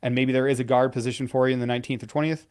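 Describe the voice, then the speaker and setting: A man's voice: medium pitch, level tone, very fast, a little mellow, smooth. Blunt, profane male military veteran. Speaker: podcast co-host, veteran pararescueman. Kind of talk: casual live-stream advice talk.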